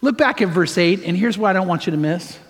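A man pastor preaching a sermon, his high voice pressing each point with emphatic repetition. His words ring out with a long reverb, as in a large church hall. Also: lively intonation, quick pace. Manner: emphatic, rising preaching with repeated phrases.

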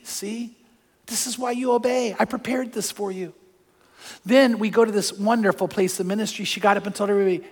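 Lively high-voiced pastor in a reverberant hall. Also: male voice. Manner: storytelling, acts out quoted voices, jokey asides. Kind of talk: sermon.

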